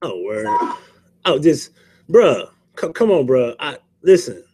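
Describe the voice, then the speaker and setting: A man's voice: fairly high pitch, sing-song, slow pace, dark tone, slightly rough. A man hosting a casual livestream who curses freely, jokes, and greets chatters by name. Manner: profane, joking banter, greets chatters. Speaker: livestream host.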